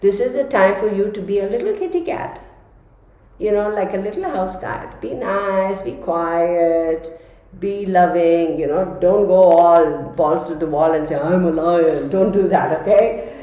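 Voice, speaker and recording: A woman's voice: lowish voice, unhurried, mellow. A woman giving a casual, chatty tarot reading to her viewers, often laughing as she talks. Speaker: tarot reader. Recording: very echoey room.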